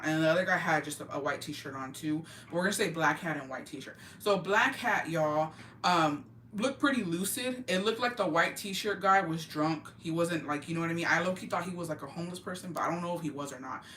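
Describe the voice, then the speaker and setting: A woman's voice: fairly low pitch, fairly quick, fairly bright tone. Profane woman telling gossip, roomy and distant. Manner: profane, emphatic, code-switches into Spanish. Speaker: vlogger. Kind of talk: casual gossip storytelling. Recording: roomy, distant mic, faint ambient noise.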